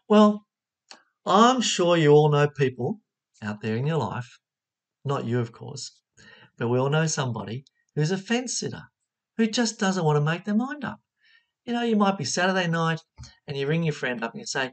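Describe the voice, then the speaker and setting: A spiritual teacher giving a motivational talk, voice swinging widely in pitch. The delivery is expressive, with frequent questions put straight to the listener. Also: moderate pace.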